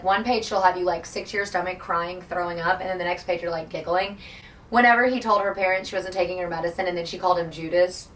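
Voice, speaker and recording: Recorded far from the mic, a woman with a fairly low pitch and fairly bright tone gushes emotionally about a novel. It's a casual reading-vlog reaction, heavily filled with "like."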